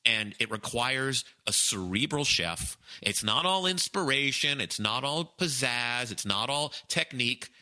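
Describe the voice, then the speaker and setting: A man co-hosting a podcast, talking in an excitable, emphatic way and often restarting his phrases. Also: mid-range voice, unhurried, hardly any pauses. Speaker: podcast co-host. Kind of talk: casual chat.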